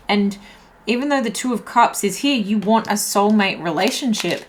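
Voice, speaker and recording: Turning cards in an intuitive tarot session, this woman muses aloud and searches for words, a little breathless and shaky. Her mid-range voice is animated and moves at a normal speed.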